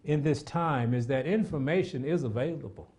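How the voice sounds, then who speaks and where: A middle-aged man preaching a sermon, animated and repetitive, with asides to the congregation. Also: fairly high pitch, normal speed.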